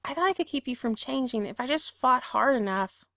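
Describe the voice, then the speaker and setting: A man's voice: extremely high pitch, animated, fairly quick, vocal fry, bright, forceful tone, dry recording, studio quality, heavily acted. A woman voicing a wistful, teasing grown man in a read-aloud story. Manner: wistful, a little sheepish.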